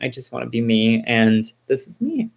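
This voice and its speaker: A woman in her forties from Texas hosts a relaxed livestream, talking straight to her viewers. She reads their comments aloud and answers with warm reassurance. Her speech is loose and rambling, with plenty of fillers and restarts. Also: a bass voice, normal speed, gravelly. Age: 40s. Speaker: livestream host.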